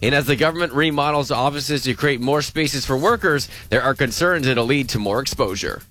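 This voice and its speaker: A man reading a short newsroom update on the radio in a measured, formal way. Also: medium pitch, fairly bright tone. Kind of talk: read news update.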